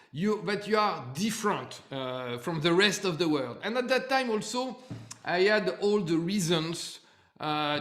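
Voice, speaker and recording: A middle-aged man with a French accent speaks slowly over a video call, friendly and halting, pausing often on fillers. His voice sits high for a man. An echoey room surrounds the sound. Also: a bit bright. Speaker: webinar speaker. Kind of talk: live webinar talk.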